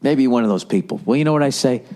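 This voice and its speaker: A man's voice: medium pitch, animated, rapid-fire, warm tone. A middle-aged man hosts a podcast alone, talking in a loose, rambling monologue. He swears constantly and sounds exasperated as he jumps from one thought to the next. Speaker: podcast host. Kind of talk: casual ranting monologue.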